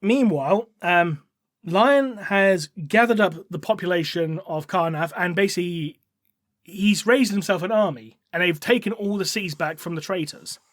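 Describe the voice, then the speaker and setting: Man, casual podcast host, rambling retelling, high voice, dry close mic. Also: moderate pace, a bit bright, no room sound. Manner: rambling, many fillers and swearing. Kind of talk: casual chat, retelling a novel.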